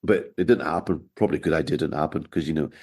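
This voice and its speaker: A man's voice: extremely low pitch, very fast, a little mellow, breathy edge. A middle-aged man, a podcast guest telling wry anecdotes in casual interview chat. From Scotland, raised in Glasgow.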